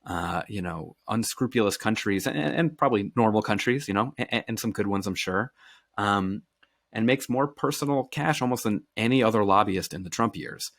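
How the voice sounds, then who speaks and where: Lively, low-voiced male author telling stories. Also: normal speed, vocal fry, dry recording, studio quality. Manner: animated, lively storyteller who swears and restarts phrases. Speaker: author and journalist guest. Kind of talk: casual conversational storytelling.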